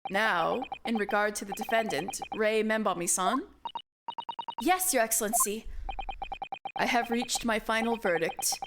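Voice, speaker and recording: A woman voicing a solemn older male judge in a video game, speaking slowly and formally, with game music behind. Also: a little high, background noise, voice pushed down. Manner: slow, grave, formal.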